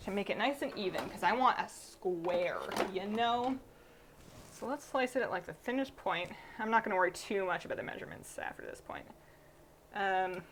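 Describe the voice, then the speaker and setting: A woman talks her way through a bake on a live stream, thinking aloud and joking about her own slip-ups. Her pitch sits in an ordinary middle range. A faint hum of room noise lies under her voice in the kitchen. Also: fairly bright tone. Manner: chatty, thinks aloud, self-deprecating. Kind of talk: casual live-stream chat. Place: home kitchen. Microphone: streaming mic through a mixer.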